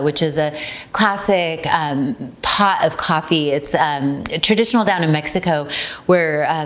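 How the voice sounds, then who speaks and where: A middle-aged woman from Ukraine, the founder of a tea company, demonstrating a recipe in a chatty way with many ums. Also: sits low. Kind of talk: casual recipe demo.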